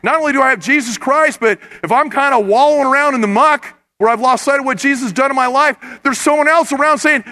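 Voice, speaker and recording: Man, pastor, high bright voice, earnest sermon, impassioned peaks. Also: fast talker, few pauses. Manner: earnest, rising to impassioned emphasis.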